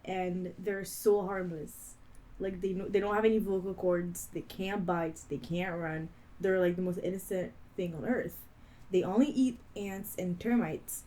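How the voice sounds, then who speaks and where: A woman's voice: fairly low pitch, steady tone, warm tone, rough recording. Woman with a Quebec French accent. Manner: halting, restarts, fillers like "like". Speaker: podcast co-host. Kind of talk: casual chat.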